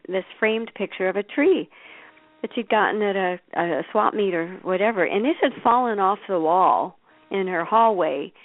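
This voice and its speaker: A woman's voice: medium pitch, no echo. A woman telling stories as a guest in a radio interview, chatty and anecdotal. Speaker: intuitive reader, guest. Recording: dry, tinny phone line.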